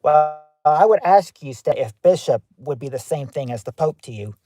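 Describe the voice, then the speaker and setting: A man's voice: on the high side, expressive, normal speed. Chatty man hosting a livestream game. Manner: chatty, rattles off guesses and greets viewers by name; offhand, with frequent fillers and restarts. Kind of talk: livestream game show hosting, reading chat guesses.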